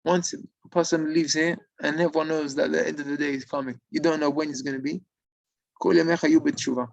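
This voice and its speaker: A man telling a religious story in sermon style, animated and acting out the figures. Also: a little high, fairly quick, gravelly, no room sound, low-quality recording. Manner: animated, acts out the figures, mixes in Hebrew terms.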